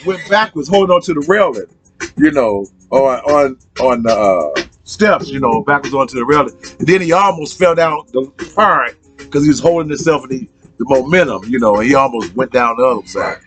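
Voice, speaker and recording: Animated profane middle-aged man. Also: a little high. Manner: profane, animated, repeats himself. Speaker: podcast host. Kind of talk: casual storytelling.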